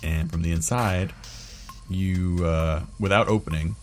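A man's voice: low-pitched, fairly even intonation, unhurried, faint music behind. A young man narrating as game master, loose and full of fillers.

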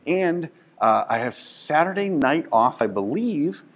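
A man's voice: on the high side, sing-song, unhurried. A man hosting his own show, chatting casually and keeping his voice down in a club lobby while a show goes on, talking into a phone he is filming with. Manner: hushed, rambling, chatty. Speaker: comedian and show host. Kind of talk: casual chat.

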